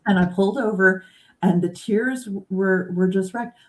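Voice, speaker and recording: A woman guest speaking earnestly and reflectively in a casual conversation, pausing to stress key words. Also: medium pitch. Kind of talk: casual conversation about grief.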